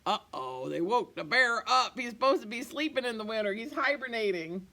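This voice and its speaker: A woman teacher reading a picture book aloud to her class, expressive and playful, with asides to the children. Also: on the high side, normal speed.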